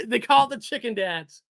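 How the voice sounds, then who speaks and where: A chatty woman hosts a casual livestream, her voice sitting a touch high and recorded close and dry. She rambles, repeats herself and laughs as she goes, a little out of breath. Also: gravelly, dry recording. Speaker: livestream host.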